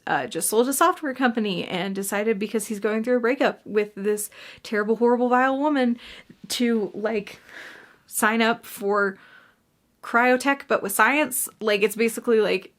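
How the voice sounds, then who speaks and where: A woman giving a casual book review full of cranky, profane rants and emphatic repetition. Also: medium pitch. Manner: gestures a lot while talking.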